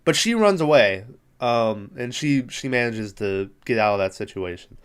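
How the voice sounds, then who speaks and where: A man's voice: medium pitch, animated, moderate pace, smooth. A man hosting a podcast, recapping a movie in a rambling, profane, amused way. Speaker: podcast host.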